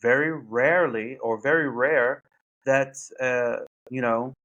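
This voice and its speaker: Animated man from New Jersey, casual podcast host. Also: mid-range voice, measured pace, muffled recording. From New Jersey, United States. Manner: animated, emphatic storytelling with quoted asides. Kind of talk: casual chat.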